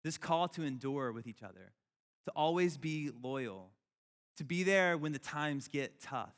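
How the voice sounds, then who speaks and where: Man, preaching sermon, high voice, animated, echoey hall. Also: unhurried, smooth. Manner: animated, conversational preaching with repeated phrases. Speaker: youth pastor. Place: church hall.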